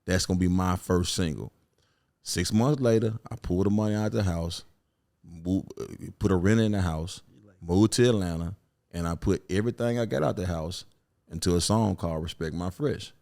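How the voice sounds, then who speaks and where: A man's voice: deep voice, moderate pace, a little mellow. A man from Memphis with a Southern accent, a guest chatting casually on a podcast and often saying "you know what I'm saying". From Memphis, USA. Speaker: guest musician.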